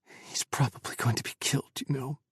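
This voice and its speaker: A man playing a shaken intelligence officer, low, hushed and croaking. The voice is gravelly and dry, close to the mic. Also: little pitch movement, moderate pace, dry recording. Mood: grim.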